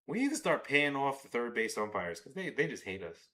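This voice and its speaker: Male streamer, bright edgy voice, excitable and profane, live watch-along commentary. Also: medium pitch, brisk. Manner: excitable, swears, talks to chat. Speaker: livestream host.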